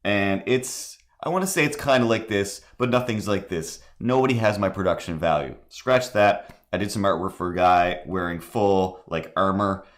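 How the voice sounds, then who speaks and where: A man's voice: deep voice, normal speed, few pauses. A man chatting casually while drawing on a live stream, rambling and self-deprecating. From near Cape Breton, Canada.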